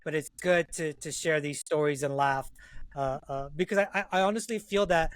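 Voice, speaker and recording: A man's voice: fairly high pitch, normal speed, rough recording. A man co-hosting a podcast, talking reflectively and checking in with his listeners as he goes. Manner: reflective, checks in often with "right?". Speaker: podcast co-host, retired Navy corpsman. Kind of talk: casual podcast conversation.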